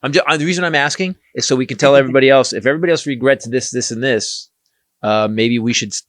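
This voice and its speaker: A man's voice: mid-range voice, fast talker, fairly bright tone, no echo. Joking middle-aged man, dry close sound. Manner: joking, laughs often, asks questions. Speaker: podcast co-host. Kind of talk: casual podcast chat.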